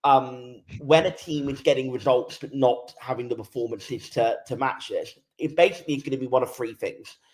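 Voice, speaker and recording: A man talks football on a fan podcast in a mid-pitched, ordinary voice. He is frank and lays out his argument step by step. It is casual, unscripted chat. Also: normal speed, few pauses, a little mellow. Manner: candid, structured argument. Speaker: podcast pundit.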